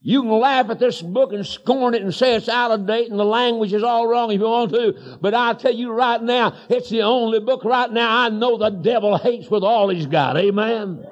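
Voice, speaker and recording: A man preaching a revival sermon in church, telling homespun stories that build to shouted declarations. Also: very high voice, moderate pace, few pauses. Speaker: evangelist preacher. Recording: dull lo-fi sermon recording.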